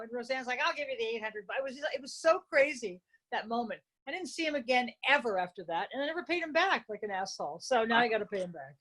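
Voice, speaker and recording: A woman in her sixties, a comedian and writer, telling lively anecdotes with frequent laughter as a guest. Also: a little high, fast. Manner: animated, laughing storyteller. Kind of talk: casual interview chat.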